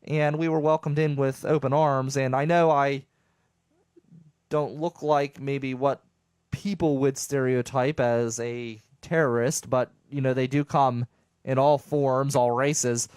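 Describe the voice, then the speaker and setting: A man's voice: medium pitch, fairly even intonation, unhurried, a little mellow, clear, resonant tone, dry recording, studio quality. A young man from southwestern Pennsylvania hosting his own show, talking casually and animatedly to listeners, rambling with jokes and stammered restarts. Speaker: radio show host. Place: home studio.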